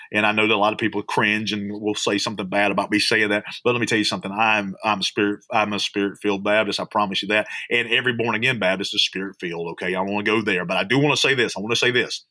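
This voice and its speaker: A man, a pastor preaching on a podcast in an animated, repetitive style. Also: mid-range voice, no room sound. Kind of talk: podcast sermon.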